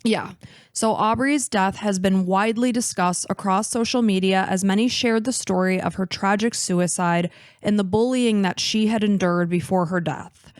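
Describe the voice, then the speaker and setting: A woman's voice: mid-range voice, dry recording, clean studio sound. A woman in her thirties hosting a podcast, emotional and teary as she chats and narrates a case. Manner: emotional, talks openly about crying. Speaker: podcast host. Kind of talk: casual chat and case narration.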